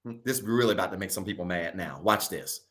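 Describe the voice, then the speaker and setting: A male pastor preaching a sermon in a casual, colloquial way, repeating key phrases and swinging from loud emphasis to soft asides. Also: low-pitched, fast talker.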